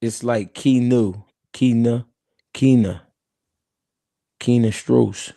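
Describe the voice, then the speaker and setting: A man's voice: medium pitch, takes it slowly, gravelly, no echo, studio quality. A man hosting a live-stream boxing talk show, arguing heatedly and talking to his chat. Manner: heated, animated, talks to chat. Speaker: host.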